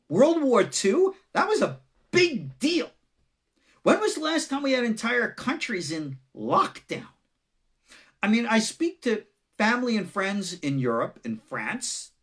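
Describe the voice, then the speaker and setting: A man's voice: extremely high pitch, a bit bright. A man with a Long Island New York accent, a rabbi giving an unscripted, joking teaching with dramatic turns. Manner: joking, dramatic, breaks into laughter.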